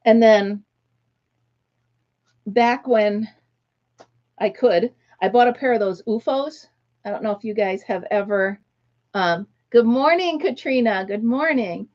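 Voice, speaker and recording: A woman's voice: fairly high pitch, slow, pauses often, lo-fi sound. A middle-aged woman from the United States hosting a casual livestream chat, talking easily, laughing often and greeting viewers by name. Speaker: livestream host.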